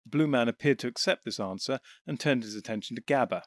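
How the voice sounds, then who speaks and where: A man narrating an audiobook in an even, steady storytelling voice on a close mic. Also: mid-range voice, quick pace, no room sound.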